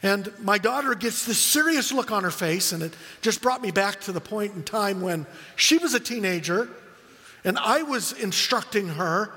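A middle-aged man preaching a sermon as a pastor, telling stories with animated quoted voices. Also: high voice, normal speed, long reverb tail.

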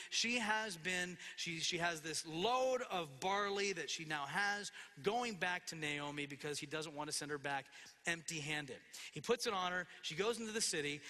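High, bright-voiced preacher in a hall. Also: male voice. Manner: expository preaching with quoted scripture and asides. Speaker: pastor. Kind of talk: sermon. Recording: long hall reverb.

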